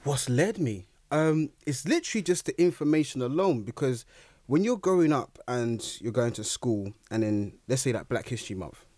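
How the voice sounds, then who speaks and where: Animated young man telling stories. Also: mid-range voice, moderate pace, no room sound. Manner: animated storytelling, acting out his own reactions. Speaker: interview guest. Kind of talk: casual interview chat.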